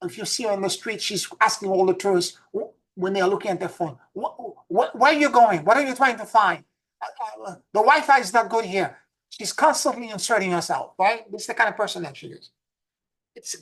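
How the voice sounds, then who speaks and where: An earnest woman gives a casual spiritual talk as if chatting with listeners. She tells her stories by circling back and repeating key points. Her delivery shifts between soft, low asides and sudden emphatic lifts. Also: poor audio. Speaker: spiritual teacher.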